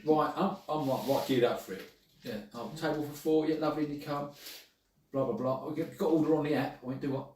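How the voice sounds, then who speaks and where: Fast-talking sweary man, roomy. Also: a little high, a little mellow. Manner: sweary storyteller, blunt and grumbling. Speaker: podcast host. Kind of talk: casual pub-style chat. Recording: roomy, distant mic, faint noise.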